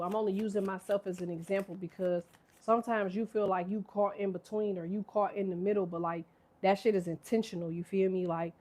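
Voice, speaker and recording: A woman's voice: medium pitch, a little mellow. A woman in her thirties giving a casual tarot reading, rambling, profane and laughing often. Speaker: tarot reader. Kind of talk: casual live tarot chat.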